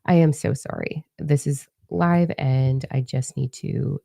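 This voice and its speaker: Low, gravelly woman, chatty livestream host, slight lisp. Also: fairly even intonation, measured pace, warm tone, no room sound, studio quality. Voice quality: slight lisp from new braces. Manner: chatty, rambling, with many fillers. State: recovering voice after lung trouble. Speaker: spiritual channeler hosting a livestream. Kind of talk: casual live-stream chat.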